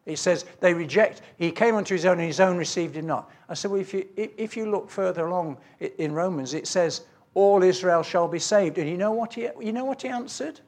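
A man's voice: high-pitched, a little fast, darkish tone. A man preaching a sermon, earnestly telling stories with quoted dialogue and reading scripture aloud.

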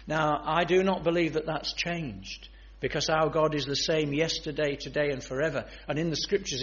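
A man's voice: fairly high pitch, a bit bright. Male preacher, sermon, earnest, emphatic, speaks to listeners directly, muffled lo-fi recording. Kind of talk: sermon on biblical prophecy.

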